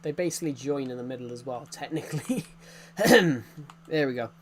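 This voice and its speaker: A man's voice: medium pitch, lively intonation, moderate pace, a little hiss or hum. A young British man streaming a game, giving a rambling casual tour with lots of fillers and restarts. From Britain.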